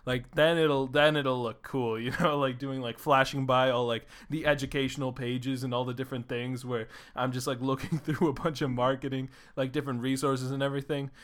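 An excitable young man hosts his own podcast and races through his thoughts at high speed. He rambles from one idea to the next, swears freely and leans on "like" constantly. His voice sits at an ordinary middle pitch. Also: brisk, few pauses. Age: young adult. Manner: excitable, rambling, swears a lot, says "like" often. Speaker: podcast host. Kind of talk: casual solo podcast monologue.

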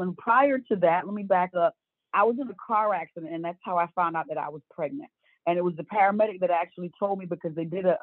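A woman's voice: fairly low pitch, no echo. A woman in her fifties giving an earnest personal faith testimony as a guest, acting out the voices she quotes. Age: 50s. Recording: dry, tinny phone-like line.

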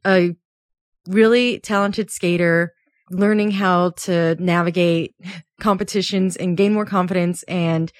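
A woman in her late twenties, chatting casually as a podcast co-host. She laughs often and acts out quotes in a higher voice. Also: fairly even intonation, measured pace, no echo, studio quality. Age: 20s. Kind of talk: casual chat.

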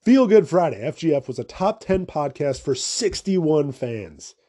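In his own loose podcast monologue, a young host rambles, curses freely and makes self-mocking asides. He speaks unhurriedly in a warm, fairly high voice with big pitch swings.

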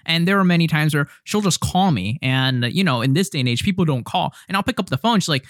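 A young man co-hosting a podcast, telling stories in an animated way and acting out other people's lines. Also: fairly high pitch, quick pace, no room sound, clean studio sound. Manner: animated storyteller, acts out friends' voices. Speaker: podcast co-host. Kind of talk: casual podcast chat.

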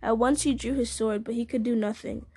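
A woman reads a story aloud at a measured pace, now and then slipping and starting a line over. Her voice sits fairly high, with a mellow, soft-edged tone. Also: steady tone, husky. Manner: measured, with occasional slips and restarts. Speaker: reader. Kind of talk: audiobook-style story reading.

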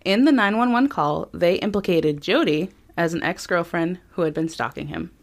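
Woman, podcast co-host, fairly low voice, casual chat, reads from notes. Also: normal speed, vocal fry. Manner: chatty, with frequent ums and quoted passages. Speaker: podcast co-host telling a true crime story.

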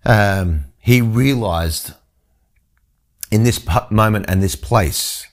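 A man's voice: fairly low pitch, slow. A man reading a scripture passage and then explaining it in an earnest teaching style, often restarting his sentences. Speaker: Bible teacher.

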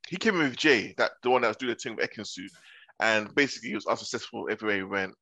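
A man's voice: on the low side, rapid-fire, pushed and bright, husky, dry recording. A young man retelling reality-show drama in casual slangy chat, voicing the people he quotes.

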